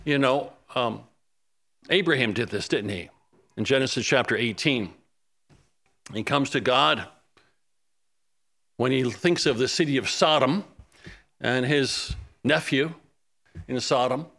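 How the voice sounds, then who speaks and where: A man preaching a sermon, fervent, rising to urgent pleading when he quotes prayers and dropping low and soft when he lists needs. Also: measured pace, gravelly, long pauses.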